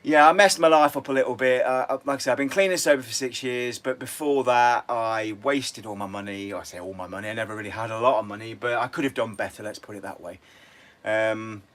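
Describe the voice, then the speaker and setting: A man's voice: mid-range voice, brisk, fairly bright tone. A middle-aged English man with an English accent, rambling and restless as he chats casually to viewers on a woodworking live stream. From England.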